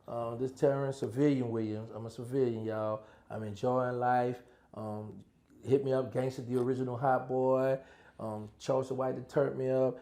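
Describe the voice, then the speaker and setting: A man's voice: mid-range voice, mellow. A man talking in a laid-back, slangy way in casual chat as a guest. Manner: laid-back, slangy, plugs his channels.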